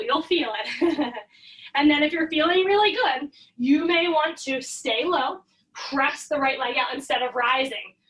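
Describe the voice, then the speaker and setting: High-voiced woman guiding a yoga class. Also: recorded from a distance, rough recording. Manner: encouraging, calm cueing with breathy sighs. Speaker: yoga instructor. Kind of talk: guided yoga class instruction. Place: home basement.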